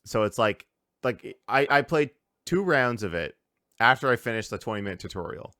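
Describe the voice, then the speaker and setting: A man's voice: medium pitch, moderate pace, dry recording, clean studio sound. A man from Canada hosting a podcast from home, ranting loosely and swearing as he talks about games. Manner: swearing, animated rants. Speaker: podcast host. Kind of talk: casual chat.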